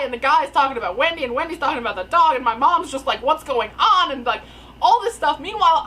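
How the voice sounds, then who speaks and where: A young woman telling a rambling, animated story in casual storytime style from her attic room. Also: on the high side, a little hiss or hum, low-quality recording. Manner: rambling, animated, filler-heavy. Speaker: storyteller vlogger. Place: attic bedroom. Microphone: camera mic.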